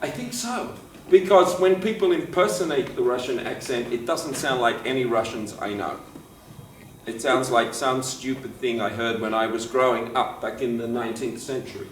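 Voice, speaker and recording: A man hosting a live improv comedy show, teasing and quick in banter. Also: mid-range voice, a bit bright, slight background noise. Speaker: improv performer and host. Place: theater stage at a festival. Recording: roomy hall from far off with music.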